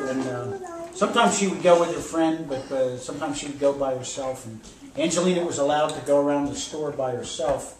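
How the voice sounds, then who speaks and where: An older man, a grandfather, telling a rambling, animated story to children in a casual way. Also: mid-range voice. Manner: rambling, animated, acts out voices with shouts. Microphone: camcorder across the room. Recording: echoey room, distant camera, loud noise.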